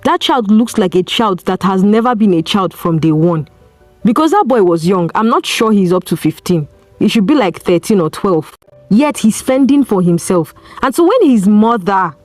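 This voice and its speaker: A woman's voice: medium pitch, expressive, normal speed, darkish tone, no echo, soft background music. A woman with a Nigerian accent hosting an advice podcast, speaking earnestly and piling up rhetorical questions. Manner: earnest, preachy, asks strings of rhetorical questions. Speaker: podcast host. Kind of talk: solo advice talk.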